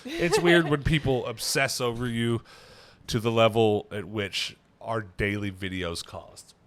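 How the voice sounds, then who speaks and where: A man's voice: mid-range voice, measured pace, fairly bright tone. A man in his thirties hosting a casual chat, rambling and self-mocking as he tells stories. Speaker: channel host.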